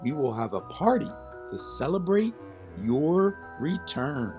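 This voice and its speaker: A man's voice: fairly high pitch, sing-song, takes it slowly, music in the background, voice pushed up. A man voicing a gracious fairy queen who welcomes guests in a storybook reading. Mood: welcoming. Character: gracious female sugar plum fairy.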